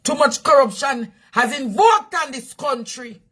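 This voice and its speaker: A Jamaican man hosting news commentary, shouting and repeating phrases for emphasis in a fiery rant. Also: very high voice, animated, measured pace.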